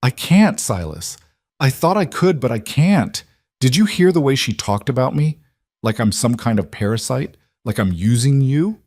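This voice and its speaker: A man's voice: mid-range voice, normal speed, mellow, no echo, studio quality, voice pushed up, close to an everyday voice. A man voicing an upset young woman, a ranch cook in a western story, pleading and distraught.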